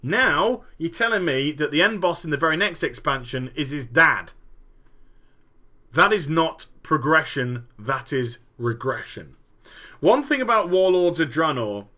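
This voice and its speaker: A man talking about games in a lively, rambling rant, swearing freely as he spins out his theories. His voice is bright and forceful, and his pitch swings widely as he builds each point. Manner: animated, swearing, vivid storytelling. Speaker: gaming podcast host. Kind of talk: animated solo commentary.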